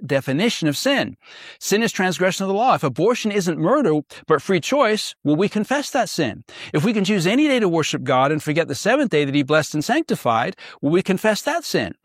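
A man's voice: fairly high pitch, dry recording, studio quality. A male pastor teaching a Bible study, earnest and emphatic, asking rhetorical questions.

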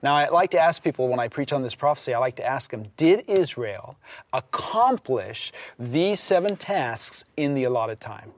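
A man's voice: mid-range voice, animated, normal speed, no echo. A man earnestly explaining scripture in an emphatic, expository group discussion. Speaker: Bible teacher. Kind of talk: Bible study discussion.

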